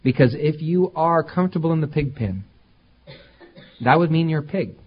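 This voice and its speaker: A man preaching a conversational sermon as pastor, talking plainly and then climbing to emphatic, louder peaks. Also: a little high, expressive, normal speed, muffled recording, slight background noise.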